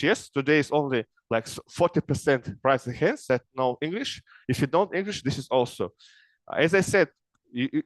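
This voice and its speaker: A middle-aged man from Kazakhstan gives an informal lecture in broken English. His voice sits somewhat high for a man. The recording is dry and close, and he keeps tagging "yes?" onto his points. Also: no echo. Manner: broken English, frequent "yes?" tag questions. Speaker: speaker advising young people.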